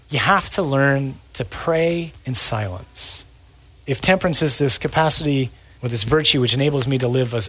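A male priest giving a conversational sermon, lively and direct, acting out little quoted exchanges. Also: mid-range voice, low-quality recording. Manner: conversational, animated preaching with acted-out quotes.

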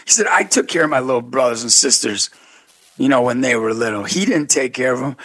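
A man's voice: mid-range voice, expressive, fast talker, fairly bright tone, no echo. A man being interviewed as a guest, telling a story with preacher-like conviction and acting out the voices he quotes. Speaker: guest speaker.

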